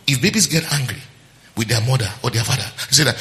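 A man's voice: mid-range voice, fast, vocal fry, sharp tone, big-room sound. A man preaching a sermon as pastor, calling on the congregation to answer and acting out quotes in different voices. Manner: preaching with call-and-response and acted-out quotes.

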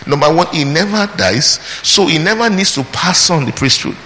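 Bright-voiced preacher in a reverberant hall. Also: male voice, a little high, animated, normal speed. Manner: emphatic, asks the congregation questions and answers them; exclaims praise between points. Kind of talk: sermon. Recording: long hall reverb with faint background noise.

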